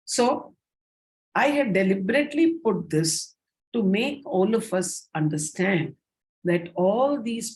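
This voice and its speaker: Slow Indian English woman teaching reading. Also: on the low side, a little mellow. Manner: slow, explanatory, demonstrates intonation aloud. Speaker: teacher trainer. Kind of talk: teacher training talk.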